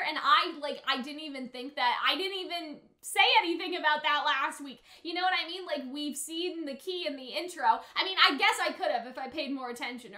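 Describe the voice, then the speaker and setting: High bright woman rambling about an anime, lots of likes and you-knows, roomy echo. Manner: chatty, rambling, filler-heavy with frequent "like" and "you know what I mean". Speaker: anime reaction host. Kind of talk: casual chat. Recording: echoey room.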